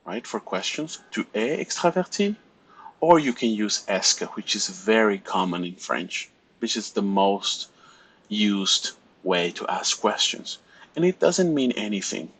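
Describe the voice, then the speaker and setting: A man's voice: lowish voice, big pitch swings, a little slow, fairly bright tone, slightly rough, poor audio. A man teaching a French class, explaining grammar step by step and often checking in with "right?". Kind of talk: recorded classroom lecture.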